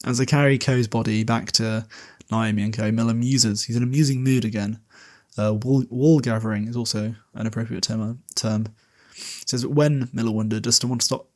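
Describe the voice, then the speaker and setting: A man hosting a podcast, casually recapping a novel and reading passages aloud, with loose, laughing delivery and quick paraphrased quotes. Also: medium pitch. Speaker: podcast host.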